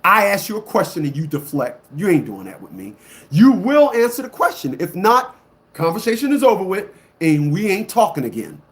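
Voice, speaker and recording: A male online commentator with a fairly high voice rants to his online audience, bluntly and emphatically hitting the same words again and again. At normal speed, his pitch swings hugely as he moves between loud outbursts and muttering.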